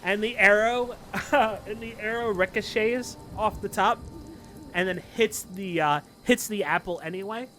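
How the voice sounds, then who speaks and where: A man's voice: high voice, unhurried, bright, forceful tone, faint music behind. A man narrating a tabletop game as dungeon master, rambling with many fillers. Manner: rambling, filler-heavy, casual.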